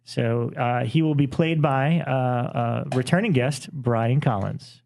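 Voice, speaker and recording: A man's voice: medium pitch, takes it slowly, gravelly. Male podcast host, casual, filler-heavy, mid voice. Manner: relaxed, filler-heavy introductions.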